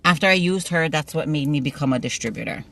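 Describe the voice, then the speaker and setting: Sitting in a parked car, a middle-aged woman vlogs to her phone camera in a casual chat full of laughter and playful stories. She speaks quickly and animatedly in a low voice with a fairly bright tone.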